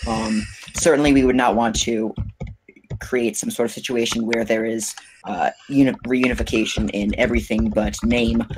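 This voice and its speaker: A man on a debate panel speaks tentatively and leans on fillers. His pitch stays very flat. Clear noise sits behind him. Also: normal speed. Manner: tentative, many you-knows. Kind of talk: political debate answer.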